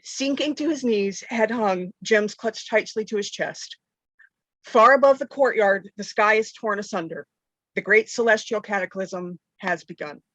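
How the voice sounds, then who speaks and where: A woman game master narrating a tabletop game with dramatic storytelling, often clearing her throat and correcting herself. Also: mid-range voice, measured pace, a bit bright, no echo, dull audio.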